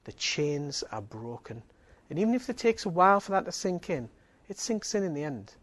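A man's voice: fairly high pitch, very animated, moderate pace, fairly bright tone. Earnest preacher man. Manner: emphatic, earnest preaching with repeated phrases. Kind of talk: sermon.

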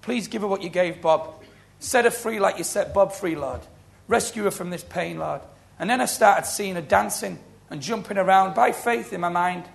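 A middle-aged man delivers a sermon as a storyteller, his voice gravelly and pitched a little high for a man. He acts out the people in his stories as he goes. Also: moderate pace. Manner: storytelling, animated, acting out quoted voices. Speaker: preacher. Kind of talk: sermon with testimony.

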